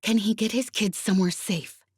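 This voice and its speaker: A woman's voice: medium pitch, big pitch swings, normal speed, darkish tone, breathy edge, no echo, clean studio sound, pitched above the performer's own voice. A woman reading an audiobook, voicing a bold, grinning young woman leading a crew. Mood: cocky.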